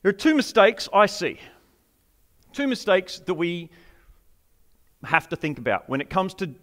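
A man delivers a sermon in a light, high voice. His preaching is humorous and conversational, with asides and questions aimed at his listeners. He keeps the tone easygoing as he speaks. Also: a bit bright. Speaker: pastor.

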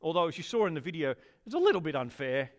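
A man's voice: fairly high pitch, big pitch swings, fast talker. A man preaching a sermon to a congregation, enthusiastic and conversational, often turning questions to the listeners. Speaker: pastor.

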